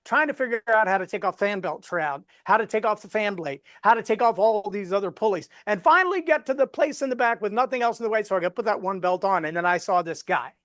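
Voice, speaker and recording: A man coaching a live webinar on storytelling, folksy and animated as he walks through examples. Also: high voice, fast, hardly any pauses, no room sound, clean studio sound.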